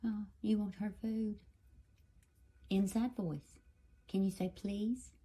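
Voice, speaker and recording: A woman's voice: mid-range voice, fairly even intonation, slow, dark tone, slight background noise. A woman filming at home with a phone camera, coaxing and scolding her dogs in pet-talk. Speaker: dog owner filming her pets. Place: home indoors.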